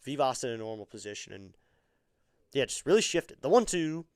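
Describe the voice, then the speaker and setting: A man calls a baseball game live for his stream audience in a smooth, resonant voice. His talk is chatty and easygoing, and it turns excitable on the big plays. The sound is dry and close. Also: medium pitch, fairly quick, dry recording. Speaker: fan streamer calling the game. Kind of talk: live fan play-by-play commentary.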